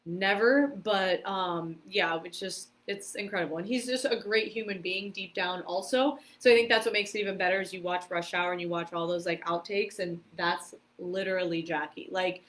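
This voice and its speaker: A woman's voice: fairly low pitch, steady tone, moderate pace, hardly any pauses, fairly bright tone. A woman talks casually as a podcast guest. She tells her stories with animation and frequent laughter. She leans on a lot of fillers. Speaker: podcast guest, karate competitor and stunt performer. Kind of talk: casual storytelling interview.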